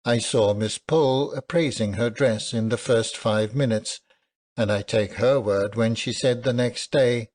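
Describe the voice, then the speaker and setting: Guy narrating a classic novel audiobook, steady and measured, mid pitch.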